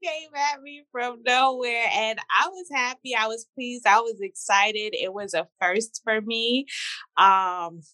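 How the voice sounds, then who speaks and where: A woman's voice: fairly high pitch, slow pace, dry recording. A woman in her thirties from Brooklyn with a New York accent, a guest talking casually and animatedly in an interview. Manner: animated, code-switching, laughs often.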